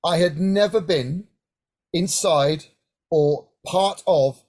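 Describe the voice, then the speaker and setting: A middle-aged man from Hampshire, England, telling lively stories in an interview and often checking in with "right?". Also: fairly high pitch, slow. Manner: animated anecdotal, frequent "right?" asides. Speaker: guest singer-songwriter. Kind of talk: casual interview storytelling.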